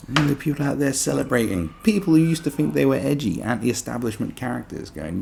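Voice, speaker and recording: A man's voice: medium pitch, expressive, fairly quick, vocal fry, hardly any pauses, darkish tone, slight background noise. A man hosting a podcast, delivering a sarcastic, profane political rant full of mockery. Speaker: podcast host. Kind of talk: ranting political monologue.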